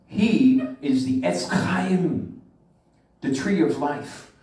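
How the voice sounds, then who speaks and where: A man, a rabbi, delivering a sermon with emphatic preaching that slows and swells on scripture, recorded in a synagogue sanctuary. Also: a little high, darkish tone. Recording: echoey room from far off the mic.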